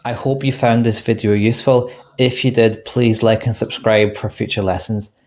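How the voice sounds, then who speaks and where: A man with a fairly low voice gives an English exam lesson. He speaks clearly and deliberately, like a tutor addressing his students online. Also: little pitch movement, darkish tone. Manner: clear, deliberate teaching delivery.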